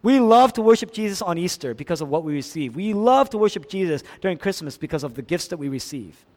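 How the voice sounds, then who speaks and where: High, lively male preacher in a hall. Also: fast talker. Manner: dramatic, swings from loud cries to hushed low tones. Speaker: pastor. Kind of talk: sermon.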